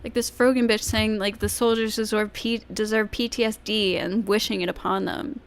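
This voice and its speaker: A woman's voice: medium pitch, steady tone, normal speed, noisy background. A woman streamer reacting to clips, ranting bluntly and swearing freely. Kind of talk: casual livestream commentary.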